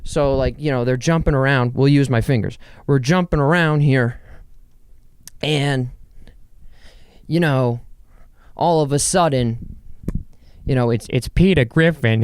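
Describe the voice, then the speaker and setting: A young man hosting a casual solo podcast from his bedroom, rambling and joking with quick asides to himself. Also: mid-range voice, darkish tone, clear, resonant tone. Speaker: podcast host.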